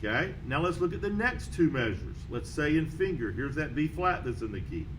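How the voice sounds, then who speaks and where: A man's voice: a little high, very animated, a little fast, background noise. A man teaching a beginner trumpet lesson, calling out note names and counting in steadily. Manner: counts off and calls out notes steadily. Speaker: band teacher. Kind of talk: instrument lesson walkthrough.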